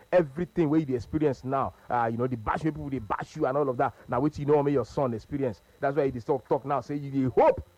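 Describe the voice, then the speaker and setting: A man with a Nigerian Pidgin accent hosting a call-in sports radio show, animated and repetitive, laughing often. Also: fairly high pitch, no room sound, low-quality recording. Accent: Nigerian Pidgin English.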